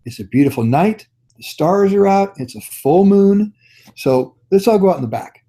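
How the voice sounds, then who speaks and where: A man voicing a boastful old male Texas oil billionaire who announces loudly to his party guests. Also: high voice, expressive, moderate pace.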